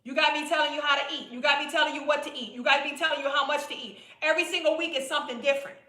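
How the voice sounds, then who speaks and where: Direct, chatty high-voiced woman coach. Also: fairly even intonation, very fast, sharp tone. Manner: direct, chatty, repetitive, calls viewers "boo". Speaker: weight-loss coach hosting a live stream. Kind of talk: casual live-stream sales pitch. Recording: roomy echo.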